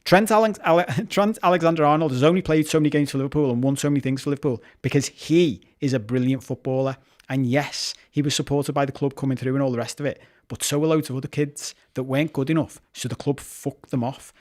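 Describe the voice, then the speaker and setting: A man's voice: mid-range voice, fast talker, few pauses, darkish tone. A man co-hosting a football podcast in casual chat, talking with heated passion, swearing freely and restarting his sentences. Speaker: podcast co-host.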